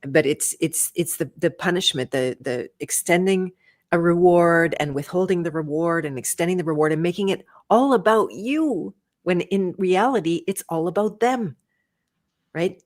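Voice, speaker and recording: A woman's voice: on the low side, moderate pace, darkish tone. A woman hosting a live online interview, speaking in an affirming, conversational way over a video call. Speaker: host.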